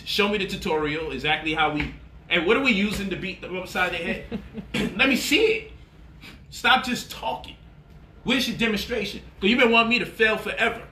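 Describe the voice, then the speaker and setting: A man's voice: high voice, bright, forceful tone, a little hiss or hum. A man talking as a money vlogger in a casual, boastful monologue, swaggering and profane. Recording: roomy echo, voice off-mic.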